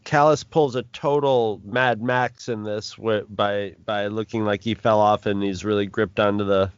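A man co-hosting a podcast, chatting casually about an episode in an easygoing, slightly halting way. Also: on the low side, steady tone, clear, resonant tone, no echo, muffled recording. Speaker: podcast co-host. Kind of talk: casual discussion.

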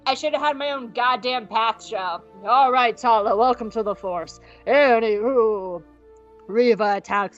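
A woman co-hosting a podcast, recapping in casual chat that is rambling and jokey, with quick asides. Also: a little high, lo-fi sound. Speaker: podcast co-host.

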